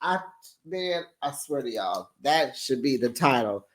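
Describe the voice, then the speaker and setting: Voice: medium pitch, animated, measured pace. A sassy, gossipy host giving a casual recap of a reality TV episode and talking straight to viewers.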